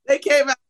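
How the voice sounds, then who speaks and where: A woman in her forties, a comedian guest on a podcast, talking in a lively, emotional way, laughing often and bursting into excitement. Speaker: guest, comedian and keynote speaker. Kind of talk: casual podcast interview.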